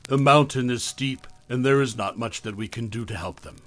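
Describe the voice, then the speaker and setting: A man narrating a first-person horror story in a measured, scripted way, his phrases often trailing off softly. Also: mid-range voice, no echo.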